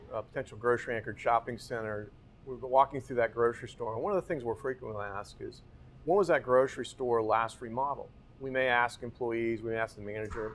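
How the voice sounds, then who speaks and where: Man leading a grocery store tour. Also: mid-range voice. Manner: rhetorical questions, pointing things out. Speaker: real estate company guide. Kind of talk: walking store tour presentation.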